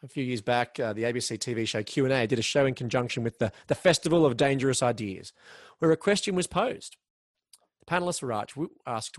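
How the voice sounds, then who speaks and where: A man preaching a sermon in an earnest way, slowing down to stress key words. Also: medium pitch, dry recording, studio quality. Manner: earnest, slows down for emphasis, occasional restarts.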